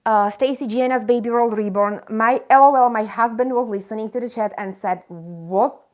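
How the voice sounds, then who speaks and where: A woman's voice: a little high, fairly even intonation, fairly quick. A woman hosting a live stream, ranting with indignant emphasis and breaking into chatty, self-mocking asides to viewers. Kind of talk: impassioned live chat rant.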